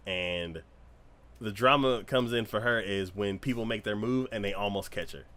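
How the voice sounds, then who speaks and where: A man co-hosting a casual anime review podcast, retelling a show's plot as a lively storyteller who acts out scenes with loud squeals and laughter. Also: lowish voice, moderate pace. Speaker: podcast co-host. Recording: livestream podcast.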